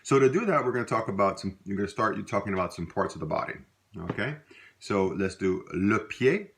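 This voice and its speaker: Middle-aged Louisiana man, very low voice, relaxed teacher, rambling with fillers. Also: a little fast, a little hiss or hum. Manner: relaxed, rambling, with many fillers and self-corrections. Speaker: language teacher. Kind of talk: casual spoken lesson.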